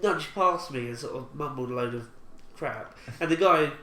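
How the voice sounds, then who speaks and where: An English man in his 20s, a podcast co-host, speaks in a mid-range, sharp voice at a moderate pace. He tells a rambling anecdote during casual chat, with lots of laughs and restarts, recorded in an echoey room with faint ambient noise.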